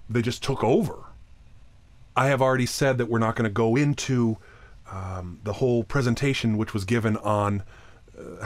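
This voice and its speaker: A man's voice: medium pitch, no room sound. Man giving a dry, close-miked lecture. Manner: explains plainly, often restarts, sings chant examples. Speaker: lecturer on chant. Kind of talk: recorded talk.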